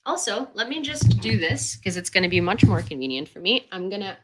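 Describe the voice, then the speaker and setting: A woman's voice: medium pitch, big pitch swings, brisk, background noise. A young woman from Ukraine, hosting a casual livestream in a chatty way, with many fillers and sarcastic asides. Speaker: livestream host. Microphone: desk mic.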